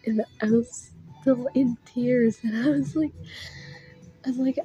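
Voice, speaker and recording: A woman's voice: fairly high pitch, fairly even intonation, a little slow, mellow, faint music behind, rough recording. A young woman telling a story to camera in a casual, emotional way, near tears and full of fillers, recorded on a phone. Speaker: vlogger.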